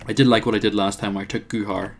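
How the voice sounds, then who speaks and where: A man's voice: fairly low pitch, little pitch movement, racing. A man commentating his own strategy game, thinking aloud with plenty of hesitations and wry asides. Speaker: let's play host.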